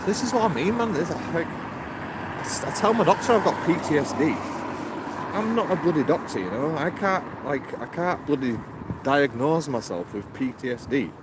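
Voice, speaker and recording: A man's voice: on the high side, lively intonation, moderate pace. A man livestreaming outdoors in town, rambling in an exasperated way and laughing nervously. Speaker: livestreaming auditor. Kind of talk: rambling live-stream vlog. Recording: noisy street traffic behind.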